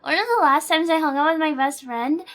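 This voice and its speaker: A woman's voice: high-pitched, brisk, a bit bright. A young woman streamer chatting casually with her viewers, swearing freely and laughing often. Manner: plays a bug persona in her talk. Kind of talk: casual chat.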